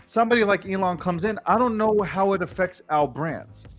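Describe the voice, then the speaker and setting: A man's voice: high voice, a little fast, a bit bright, soft background music. Slangy, emphatic talk-show man. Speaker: co-host of a late-night news show. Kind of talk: casual talk-show commentary.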